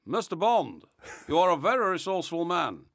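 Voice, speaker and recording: A man voicing a suave, menacing male villain, slow and sophisticated in his delivery. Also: sits high, very animated, creaky, a bit bright, no echo, studio quality, exaggerated voice. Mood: sly.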